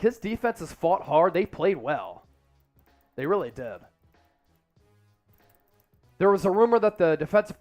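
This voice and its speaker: A young man hosting a live sports stream speaks in a high, energetic voice while reading the chat aloud. He's exerting himself, counting out push-ups as he goes, in casual live-stream chatter.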